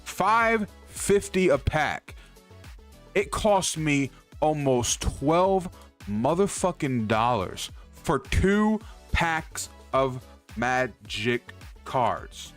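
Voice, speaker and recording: A man on a livestream, fired up and cursing through a rant, his voice lifting a little higher than most men's. His pitch swings widely as he gets heated, repeating himself mid-sentence. Faint music plays underneath. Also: very slow. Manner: swears constantly, animated, repeats himself when heated. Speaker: streamer ranting about card prices. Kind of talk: profane heated rant to stream chat. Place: indoor streaming setup.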